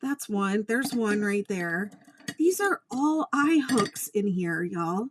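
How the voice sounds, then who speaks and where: A woman teaching crochet in a casual tutorial, chatting with exasperated asides and quietly counting her stitches. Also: mid-range voice, very animated, slow, slight background noise.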